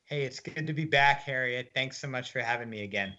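A man's voice: medium pitch, fairly quick, bright, forceful tone, highs cut off. A middle-aged man, a guest author, reading from his book and talking casually in an interview. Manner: reads with dry wit, casual fillers in talk.

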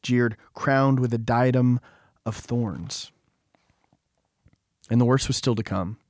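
A man giving a solemn, measured devotional narration, slowing down to weigh key phrases. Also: medium pitch, a little mellow, no echo, studio quality. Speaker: devotional reader.

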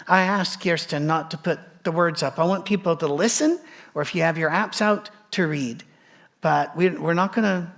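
A man preaching a sermon in a conversational way, with joking asides and a gravelly voice. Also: on the high side. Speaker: pastor.

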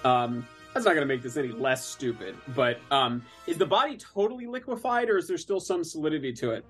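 Give me a wry, hesitant man playing a tabletop game, somewhat high voice, faint music behind. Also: expressive, fairly quick, a bit bright. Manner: hesitant, full of restarts, wry. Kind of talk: casual tabletop game play.

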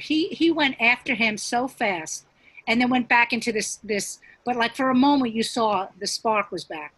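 A woman's voice: on the high side, fairly bright tone, husky, no echo, rough recording. A middle-aged woman, a stand-up comedian, telling stories in a casual interview, chatty, with many restarts and acted-out quotes.

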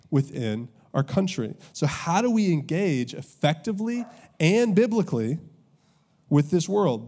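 Pastor, mellow storytelling sermon. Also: male voice, fairly high pitch. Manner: conversational storytelling, audience asides.

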